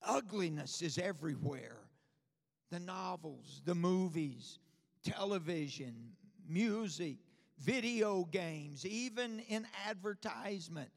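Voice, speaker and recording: Male preacher, high and raspy, slow and rhythmic, shouting sermon, big reverberant church. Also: expressive. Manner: rhythmic, repetitive, builds to shouting. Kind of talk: fiery sermon. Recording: long reverb of a large hall.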